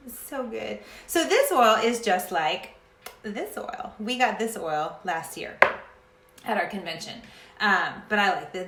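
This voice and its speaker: A woman's voice: mid-range voice, a bit bright, reverberant, slight background noise. A woman talking casually to camera about essential oils in a chatty, passionate way that sometimes turns into a rant. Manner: chatty and passionate, ranting at times. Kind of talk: casual vlog talk to camera.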